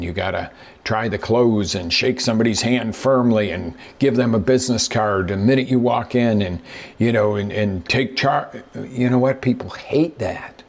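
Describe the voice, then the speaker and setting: A man's voice: lowish voice, vocal fry, breathy edge. A middle-aged man hosting a show as a business coach, telling stories in a casual motivational talk and acting out the quotes. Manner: conversational storyteller who acts out quotes.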